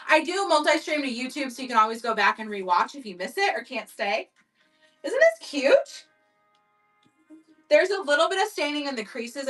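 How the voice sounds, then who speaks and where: A woman with a high, pushed, bright voice sounds far from the mic. She hosts a casual live-stream auction, chatting upbeat as she describes vintage items for buyers.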